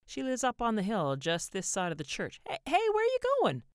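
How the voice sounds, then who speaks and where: A woman's voice: mid-range voice, sing-song, normal speed, smooth, no echo, voice pushed up, close to an everyday voice. A chatty small-town businessman talks in a drawling, colloquial storybook voice, put on by a woman reading aloud. The sound is dry and close.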